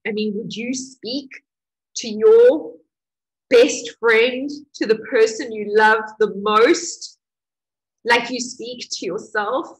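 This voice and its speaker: A middle-aged woman who teaches a healing course, telling a personal story in an emotional, animated way with laughter. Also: a little high, slow, breathy edge, poor audio.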